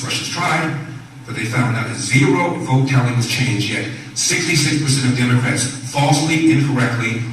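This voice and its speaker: A man running for office, making a measured speech and listing his points one by one. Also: mid-range voice. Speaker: political candidate. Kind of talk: speech answering press questions. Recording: echoey room from far off, faint noise.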